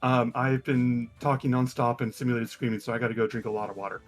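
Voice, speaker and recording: A man narrating as game master of a live-streamed tabletop game, relaxed and chatty with many pauses. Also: mid-range voice, faint music behind.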